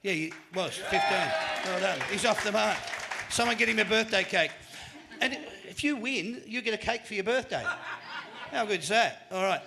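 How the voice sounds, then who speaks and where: A man's voice: high voice, moderate pace, gravelly, a loud crowd, heavy background noise. A man with an Australian accent hosting a live panel show, running a quiz with upbeat jokes. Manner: upbeat, joking quizmaster. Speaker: host. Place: live venue.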